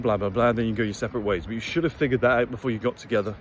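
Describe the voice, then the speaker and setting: A man's voice: medium pitch, fairly even intonation, rapid-fire, a little hiss or hum. A man giving a blunt, rambling, profane motivational monologue to camera as host of his own channel. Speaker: motivational vlogger.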